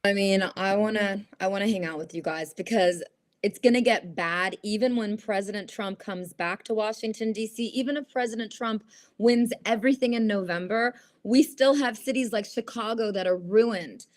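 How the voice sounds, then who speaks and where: A woman's voice: mid-range voice, moderate pace. A woman in casual conversation, talking emphatically and interjecting often.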